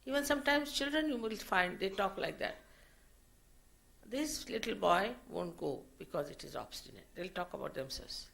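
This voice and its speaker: A woman giving a slow, deliberate spiritual lecture, in a 1990 archive recording. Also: mid-range voice, lively intonation, gravelly, a bit bright. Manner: slow, deliberate teaching with rising emphasis. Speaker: spiritual teacher.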